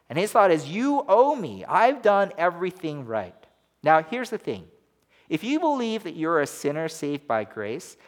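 Male pastor, sermon, fairly high voice, very animated pitch, emphatic, rhetorical questions.

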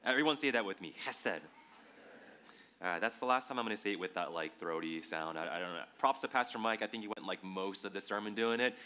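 Bright-voiced male preacher, casual. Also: lowish voice, animated, fast, hardly any pauses, a little hiss or hum. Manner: casual, joking, with fillers, drops to a quiet tone in prayer. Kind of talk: sermon.

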